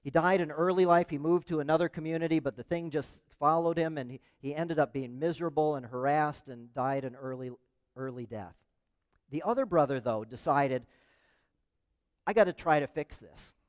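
Man, pastor, sermon, questions to the congregation, slightly high voice, echoing church hall. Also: fairly quick. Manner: conversational, asks the congregation questions. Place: church sanctuary. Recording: long reverb of a church hall.

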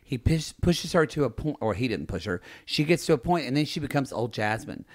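A man's voice: mid-range voice, big pitch swings. A man co-hosting a podcast, chatting casually and gossiping playfully about a reality show. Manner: gossipy, playful, quick to laugh. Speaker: podcast co-host.

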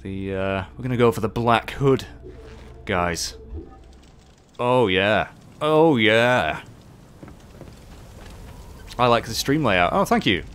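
A man doing casual live commentary while playing, excitable, swearing often and chatting with his viewers. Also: lowish voice, normal speed, a little hiss or hum. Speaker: game streamer.

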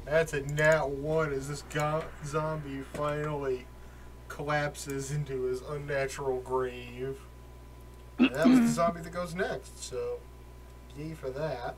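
A man's voice: a little high, slow pace, noisy background. A man narrating as game master in a tabletop game, calling rolls and outcomes matter-of-factly with the odd chuckle. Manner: matter-of-fact rules calls, chuckling.

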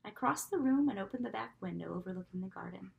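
A woman reading a novel aloud with expressive storytelling, often dropping to a whisper for asides. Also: mid-range voice, quick pace, vocal fry, narrow, tinny audio. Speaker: reader.

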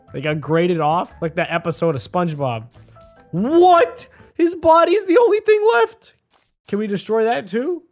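A man doing casual gameplay commentary, chatty and excitable, often talking to the character on screen. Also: fairly high pitch. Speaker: gaming video host. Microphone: desk microphone.

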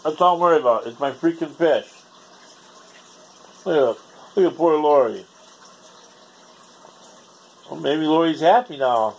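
A man's voice: on the high side, unhurried, creaky, long pauses, a little mellow, breathy edge. A man, ranting casually and profanely in a rambling home vlog. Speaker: vlogger.

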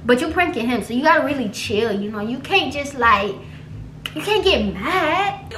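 High, bright young woman vlogging. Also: normal speed, slight background noise. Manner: animated and dramatic, slangy, talking to viewers. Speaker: vlogger pranking her boyfriend. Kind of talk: casual chat to camera, reading texts aloud. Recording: echoey room, faint music.

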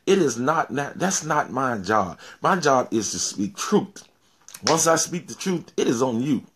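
A man's voice: medium pitch, sing-song, unhurried, fairly bright tone, breathy edge. A male pastor giving an informal sermon, often repeating words and restarting, then rising to emphatic peaks.

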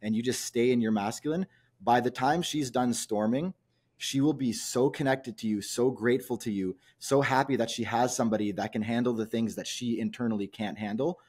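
A man's voice: medium pitch, fairly quick, a little mellow, husky. A man coaching men in a podcast discussion, earnest and persuasive, asking many rhetorical questions. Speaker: men's coach.

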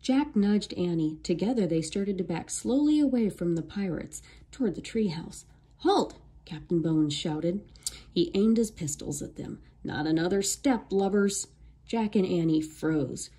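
A woman reads a children's storybook aloud, slow and unhurried. Her voice is low, mellow and a little husky, and it rises and falls in a lively way. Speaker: storybook reader. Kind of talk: read-aloud storybook narration.

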